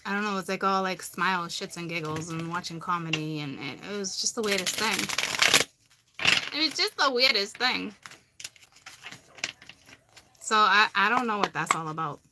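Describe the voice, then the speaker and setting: A woman's voice: mid-range voice, animated, normal speed, pauses often, heavy background noise. A woman from Massachusetts with a Massachusetts accent, chatting casually and rambling on a live tarot stream, often repeating herself. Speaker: tarot card reader on a livestream.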